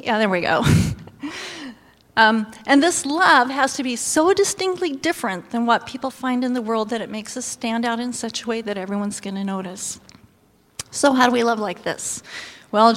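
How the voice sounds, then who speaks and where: Woman preacher, lively storytelling, somewhat high voice, reverberant church hall. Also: normal speed. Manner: animated storytelling, exclaiming and laughing. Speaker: pastor's wife or preacher. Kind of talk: sermon with personal story.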